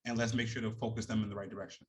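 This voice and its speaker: A man's voice: on the low side, little pitch movement, very fast. Earnest man in casual chat. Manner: earnest, laughs often, emphatic. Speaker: podcast co-host. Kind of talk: casual discussion.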